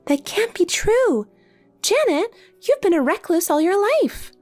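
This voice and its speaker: A woman's voice: very high voice, very animated, a little slow, darkish tone, full character voice. A synthetic woman's voice playing a desperate, pleading married older sister in a text story, with faint music behind. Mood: insistent. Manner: pleading, insistent.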